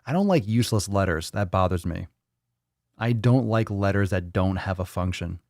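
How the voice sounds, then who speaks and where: A man with a low voice hosts a fitness live stream and chats casually. He rambles and jokes, and he swears freely. The sound is dry and close, with no room echo. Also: animated, normal speed, a little mellow. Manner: rambling, joking, profane. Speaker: fitness livestream host.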